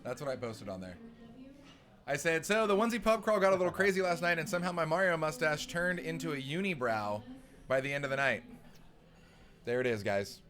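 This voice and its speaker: A young man doing live poker stream commentary, jokey and playful, with sudden loud bursts. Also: fairly high pitch, lively intonation, a little fast.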